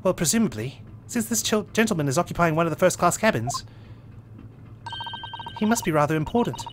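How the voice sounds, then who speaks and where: Man voicing polite young student, questioning tone, slightly high voice. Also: expressive, fairly quick, noisy background, close to an everyday voice. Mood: polite, curious.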